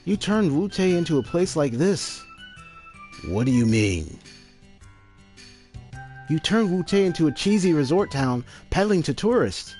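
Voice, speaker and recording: Defiant game ninja girl, raised and pitched up, voiced by a male streamer reading her lines. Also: big pitch swings, measured pace, pauses often, a little mellow, soft background music. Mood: indignant. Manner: indignant, reading dialogue aloud.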